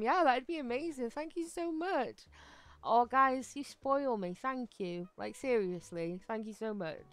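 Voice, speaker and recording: A woman's voice: medium pitch, gravelly. A woman streaming a video game live, chatting casually and giggling as she talks straight to her viewers. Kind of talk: casual live-stream chat while playing.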